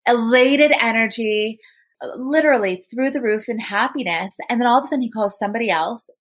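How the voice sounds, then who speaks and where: Animated woman telling a story. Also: fairly high pitch, fairly quick. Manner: animated storyteller, heavy use of "like" and "literally". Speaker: podcast co-host. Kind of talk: casual storytelling chat.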